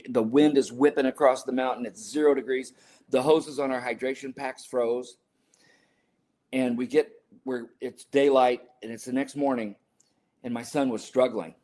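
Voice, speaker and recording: A man's voice: medium pitch, a little mellow. Earnest storytelling man, emotional. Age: older. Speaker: guest, sports scientist and author. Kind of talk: storytelling in a podcast interview.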